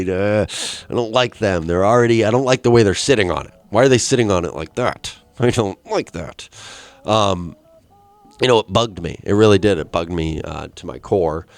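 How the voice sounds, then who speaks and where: A young man hosting a casual solo podcast, telling a rambling, profane story and jumping into high, excited quoted voices. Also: dry recording. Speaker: podcast host.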